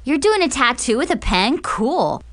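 Eager popular teen boy, read by a woman narrator, quick excited questions. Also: sits high, pitched above the performer's own voice. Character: popular eager teenage boy, class president.

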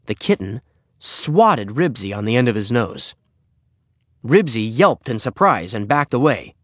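A man reading a children's story aloud in an expressive way. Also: mid-range voice, a little slow, no room sound, clean studio sound. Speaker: narrator.

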